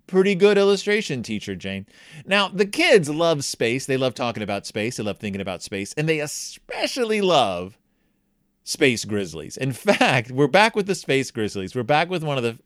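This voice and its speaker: A man hosting a comedic book review, talking in an animated, jokey way with wry asides. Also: mid-range voice, moderate pace, no room sound, studio quality.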